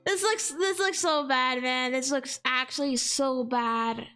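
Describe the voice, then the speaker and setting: Woman streamer, very high and bright voice, slow slangy exclaiming chat, faint music behind. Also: clear, resonant tone. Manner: slangy and exclaiming, heavy on "like" and "dude".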